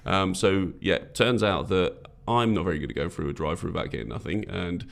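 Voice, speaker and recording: A man's voice: low-pitched, fairly quick, vocal fry. A man co-hosting a podcast, telling a rambling story in casual chat with many restarts. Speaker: podcast co-host.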